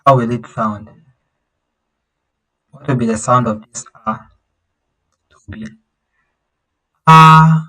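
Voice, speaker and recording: A man teaching an online language class at an unhurried, drawn-out pace. He explains patiently, repeats himself, and sings out long vowels to show how each tone rises or falls. He often pauses, restarts and hunts for words. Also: medium pitch, steady tone, pushed and bright, faint music behind, rough recording. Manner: halting, with many fillers and restarts. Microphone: video call.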